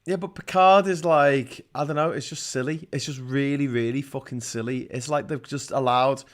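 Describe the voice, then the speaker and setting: A man's voice: mid-range voice, fairly even intonation, moderate pace. A man from Liverpool with a Scouse accent, hosting a casual live call-in chat and swearing freely. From Liverpool, England. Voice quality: sweary, laughs often. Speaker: host.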